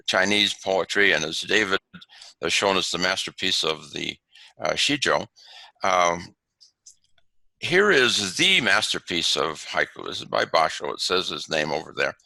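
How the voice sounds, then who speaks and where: Gravelly guy teaching over a video call, lots of ums, bright edgy tone, lively pitch. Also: no room sound, low-quality recording. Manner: halting, many fillers and restarts. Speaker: webinar presenter on haiku. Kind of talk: lecturing over slides.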